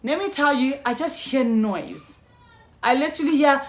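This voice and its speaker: A young South African woman telling a storytime vlog, animated and slangy, often calling out to her viewers. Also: sits high, moderate pace. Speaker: YouTuber. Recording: echoey room.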